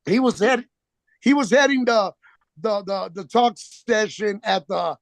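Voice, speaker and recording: Gravelly high-voiced man telling rambling stories. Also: measured pace, dry recording. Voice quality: gravelly, heavy profanity, slangy street talk. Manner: rambling storytelling with quoted back-and-forth. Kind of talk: casual chat on a video call. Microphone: phone on a video call.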